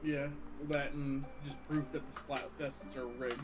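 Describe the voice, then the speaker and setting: A man's voice: medium pitch, level tone, measured pace, music in the background. A man chatting with a friend on a stream, mostly giving short, dry replies. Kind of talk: casual chat.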